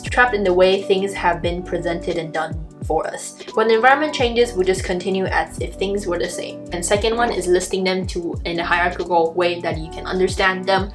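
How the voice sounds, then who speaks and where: A young woman student giving a playful, chatty scripted explanation in an educational vlog. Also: lowish voice. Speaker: student video creator. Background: background music.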